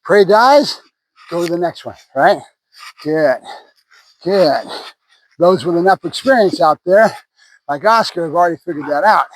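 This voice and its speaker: A man's voice: high-pitched, animated, a little slow, long pauses, no room sound, poor audio. A man who trains dogs, talking casually to the camera outdoors between words of praise to a puppy. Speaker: dog trainer.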